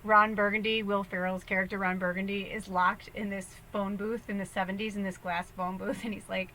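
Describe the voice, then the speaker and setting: A woman's voice: medium pitch, level tone, fairly quick, pushed and bright, slight background noise, poor audio. A young woman talking casually as a spiritual medium, rambling and laughing as she jumps between thoughts. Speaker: spiritual medium giving a tarot reading. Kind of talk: casual spiritual guidance talk.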